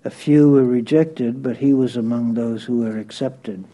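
A man reading a devotional story aloud in a measured, steady way. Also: on the low side, husky. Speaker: reader.

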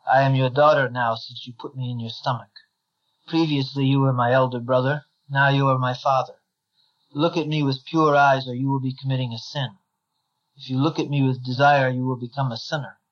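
A man's voice: medium pitch, flat delivery, fairly quick, lightly acted. Give me a frightened young goddess pleading, read plainly by a man, on a slightly dull recording.

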